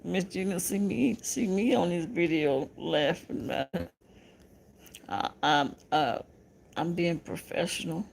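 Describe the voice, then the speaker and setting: Southern woman host, creaky gravelly voice, unhurried, chatty live-chat banter with lots of laughter. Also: lowish voice, a little hiss or hum. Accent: Southern American. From American South. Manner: laughs often, teasing and chatty with viewers. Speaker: livestream host reading viewer comments.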